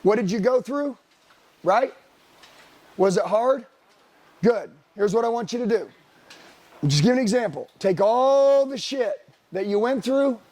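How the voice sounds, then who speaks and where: A man's voice: very high voice, a little mellow. A middle-aged man giving a blunt, profane motivational sales seminar talk, firing rhetorical questions at the room. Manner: profane, blunt, hard-driving. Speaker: sales trainer.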